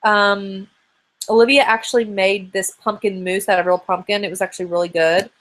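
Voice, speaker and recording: A woman's voice: mid-range voice, little pitch movement, moderate pace, a bit bright. A woman in her thirties hosting a live online hangout, chatting casually and rambling as she answers viewer questions. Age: 30s. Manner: chatty and rambling, many fillers. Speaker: host of a live video hangout.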